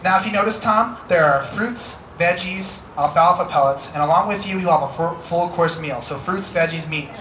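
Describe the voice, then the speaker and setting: A man's voice: high-pitched, moderate pace, hardly any pauses, a bit bright, a little hiss or hum. Playful American man presenting a live bird show. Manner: playful, teasing, coaxing volunteers. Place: outdoor amphitheater stage. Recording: roomy live show sound with music.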